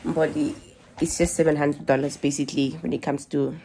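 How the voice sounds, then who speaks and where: A woman's voice: low-pitched, flat delivery, a little fast, vocal fry, mellow, slight background noise. A young woman with a Namibian English accent, chatting casually in a travel vlog, slangy and full of fillers. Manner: chatty, slangy, lots of "like" and "bruh". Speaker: travel vlogger.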